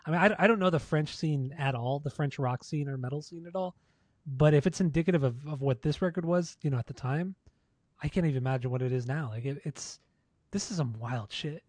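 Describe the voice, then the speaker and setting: A man with a slightly high voice talks in a loose, casual way, cursing freely and breaking into laughs. He sounds close to the mic in a dry room. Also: fairly quick, a little mellow, dry recording. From United States. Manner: laid-back, swears freely, laughs often. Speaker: podcast co-host. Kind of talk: casual chat.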